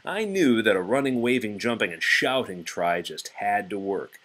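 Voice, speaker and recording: A man gives voice to a calm, confident storybook frog who coaxes and teases his anxious friend. The voice sits low and husky, spooling out long lines at a lively rise and fall. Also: normal speed, low-quality recording. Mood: triumphant. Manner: coaxing, teasing storytelling.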